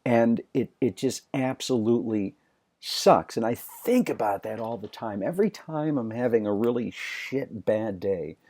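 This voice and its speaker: Male motivational speaker, dark mellow timbre, raw and profane, halting delivery. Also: medium pitch, lively intonation, husky. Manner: raw, blunt, swears freely, halting restarts. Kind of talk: personal motivational talk.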